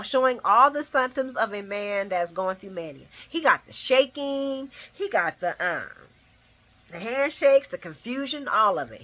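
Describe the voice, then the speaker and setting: A woman's voice: lowish voice, sharp tone. A woman hosting a casual soap opera recap, talking animatedly, laughing and acting out the characters' lines with slang. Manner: uses casual slang and swearing.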